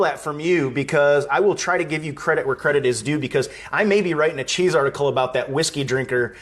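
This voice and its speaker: A man's voice: fairly high pitch, fast, few pauses. A man from Wisconsin hosting a live fan stream, chatting casually, reading viewer comments aloud and laughing easily. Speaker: live show host.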